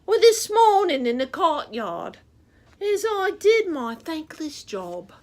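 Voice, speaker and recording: A woman's voice: very high-pitched, sing-song, takes it slowly, background noise, heavily acted. A woman voicing a chatty rooster puppet who reads Bible stories to children, with a sing-song, rhyming way of talking straight to the kids. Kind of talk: children's show reading.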